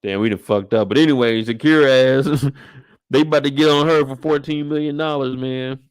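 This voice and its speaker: A young man hosting a loose live-stream chat, joking in heavy slang and now and then breaking into falsetto singing. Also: brisk, clean tone, no room sound, studio quality. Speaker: streamer host.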